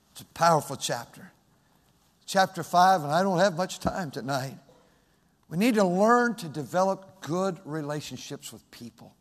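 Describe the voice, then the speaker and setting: Male pastor, high voice, sermon delivery that swings between shouting and hushed asides, long hall reverb. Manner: swings from loud shouted emphasis to hushed, soft speech. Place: large church sanctuary.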